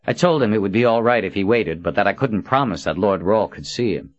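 An awkward, kind-hearted soldier captain, voiced by a male narrator. He sounds gruff and self-conscious, a touch above the deep narrating voice and lively in pitch. The recording is dry and a little dull. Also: fast talker, no echo, natural voice. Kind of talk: audiobook character voice.

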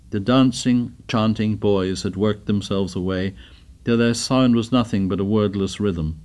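A man narrating a story in a measured, dramatic reading. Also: lowish voice, darkish tone. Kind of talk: scripted narration.

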